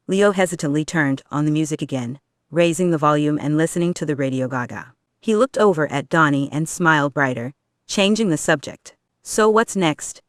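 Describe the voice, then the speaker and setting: A reader narrating a fan fiction audiobook in a steady storytelling way. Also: medium pitch, no room sound, clean studio sound.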